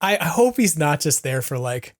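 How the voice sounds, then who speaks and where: A man hosting a podcast with a slightly higher voice than most men. He talks in an enthusiastic, rambling way, full of "like"s. His sound is dry and close, with no room at all. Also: big pitch swings, normal speed, no room sound. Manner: enthusiastic, rambling, heavy use of "like". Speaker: podcast host. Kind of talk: casual fan chat.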